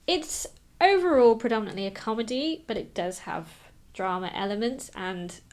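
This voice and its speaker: A woman co-hosts a casual podcast, her voice sitting at a middle pitch for a woman. She talks eagerly and loosely, stacking fillers and restarts as she goes. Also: expressive, moderate pace, a little mellow. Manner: chatty and enthusiastic, many fillers and restarts. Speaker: podcast co-host. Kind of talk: casual film discussion.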